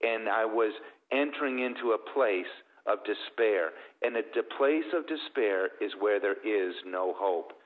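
Earnest man with a low voice. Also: a little slow, big-room sound, narrow, tinny audio. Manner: earnest, heartfelt storytelling. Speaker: guest. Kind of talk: personal testimony.

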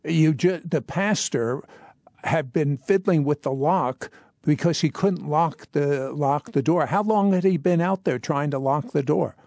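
A man with a slightly high voice asks his guest pointed, lightly amused follow-up questions. The sound is close and dry, with no room echo. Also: a little slow, a little mellow. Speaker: show host interviewing a guest. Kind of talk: interview questions.

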